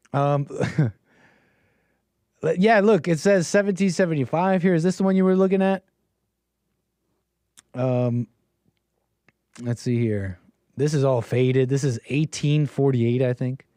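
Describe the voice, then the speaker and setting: Recorded with studio quality and no echo, this livestream call-in host has a warm, slightly high voice. He meanders through a casual monologue to his chat, trailing off, restarting, dropping fillers and laughing a lot.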